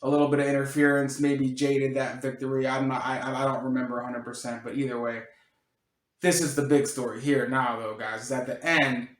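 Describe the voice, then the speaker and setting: A man giving a casual spoken wrestling review, rambling and excitable with many restarts and fillers. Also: medium pitch, a little fast, echoey room.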